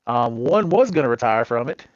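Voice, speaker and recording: A man's voice: mid-range voice, sing-song, moderate pace, no room sound. Man telling rambling stories, dull lo-fi sound. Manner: rambling anecdotes with many fillers and restarts. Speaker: interview guest, gaming community leader. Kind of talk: casual storytelling interview.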